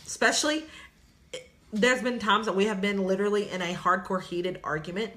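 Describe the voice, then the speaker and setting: A woman's voice: mid-range voice, fairly quick. A woman co-hosting a casual chat, talking earnestly about her feelings and often trailing off. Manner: earnest, soft-spoken, trails off. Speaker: co-host, partner.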